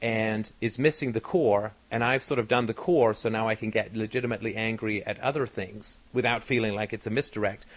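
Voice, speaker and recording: A man's voice: on the low side, fairly even intonation, brisk, hardly any pauses. A man hosting a podcast in casual chat, talking in a discursive, analytical way with many fillers and restarts. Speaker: podcast host.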